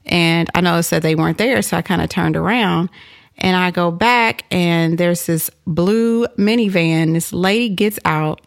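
A woman in her thirties tells a personal story to camera. Her voice sits low with a gravelly fry, and she chats in an animated, filler-heavy way. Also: measured pace. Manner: animated, chatty, lots of "like" and "you know".

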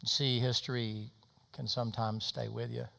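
A man's voice: mid-range voice, level tone, normal speed, creaky, pushed and bright. A man preaching a sermon, telling a story in a folksy, plain way. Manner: folksy storytelling with dialect words.

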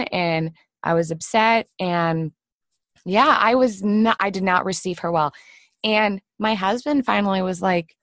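Speaking a little slowly in a fairly bright, medium-pitched voice, a middle-aged woman hosts a relaxed podcast chat. She animates her anecdotes by performing the voices of the people she quotes. The recording is dry.

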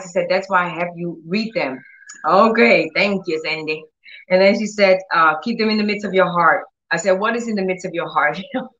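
A woman preacher telling a healing testimony in an animated way, acting out the dialogue as she goes. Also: mid-range voice, muffled recording. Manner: animated storytelling, acts out dialogue. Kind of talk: testimony teaching.

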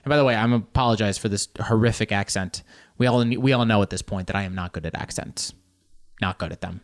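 A male stand-up comedian telling a story with animated bursts of mock outrage. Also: fairly low pitch, quick pace.

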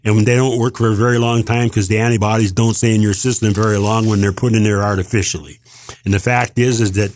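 A man's voice: fairly low pitch, fairly even intonation, quick pace, a little mellow, slight background noise. An older man delivering a heated, rambling opinion monologue as a podcast co-host, emphatic and indignant, with frequent restarts.

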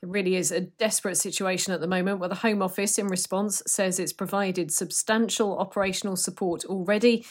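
A woman presenting a local news bulletin in a crisp, measured read. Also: medium pitch, steady tone. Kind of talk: scripted news reading.

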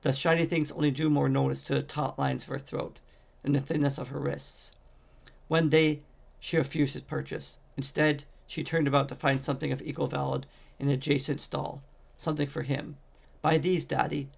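A man reading a fantasy novel aloud as an amateur audiobook narrator, in a steady, measured way. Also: medium pitch, gravelly. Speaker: audiobook reader.

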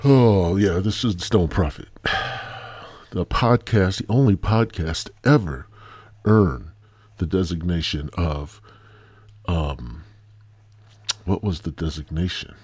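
A man's voice: sits low, slow pace, long pauses, a little mellow, slightly rough, no room sound. A man hosting a stoner podcast, rambling, swearing and joking as he talks. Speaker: podcast host.

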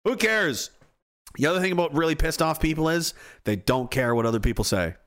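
A man's voice: fairly high pitch, animated, a little fast. A man hosting a livestream, reading chat and ranting heatedly with lots of swearing. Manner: profane, heated, swings from yelling to groaning.

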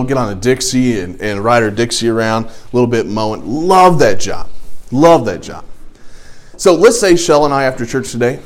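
A middle-aged man leading an adult Bible study in a casual sermon style, telling stories and acting out inner voices. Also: mid-range voice. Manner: conversational storytelling with acted inner voices.

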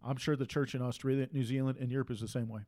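A man's voice: mid-range voice, little pitch movement, rapid-fire, warm tone. A man preaching an emphatic monologue, repeating his phrases again and again to drive them home. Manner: emphatic and repetitive, hammering phrases.

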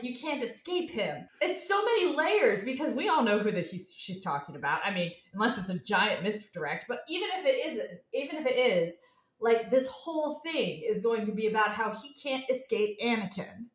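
A woman's voice: a little high, big pitch swings, normal speed. A woman in casual chat reacting to a trailer, enthusiastic and speculative. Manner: enthusiastic, speculative, laughs easily. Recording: echoey room.

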